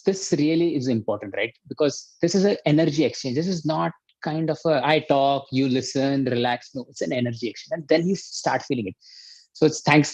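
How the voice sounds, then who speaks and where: A man with an Indian accent, a life coach leading an online workshop, energetic and urging, repeating his commands. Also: mid-range voice, breathy edge, no echo, lo-fi sound.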